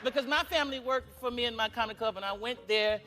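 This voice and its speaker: A man telling comic stories with animated delivery, often breaking into loud character voices. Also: very high voice, fast talker, long reverb tail, soft background music. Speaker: comedian. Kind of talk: storytelling anecdotes.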